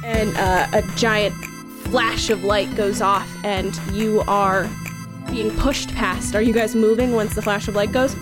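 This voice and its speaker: A woman narrating a tabletop game as game master, telling the story in a relaxed way with casual fillers. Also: medium pitch, measured pace, loud music behind the voice.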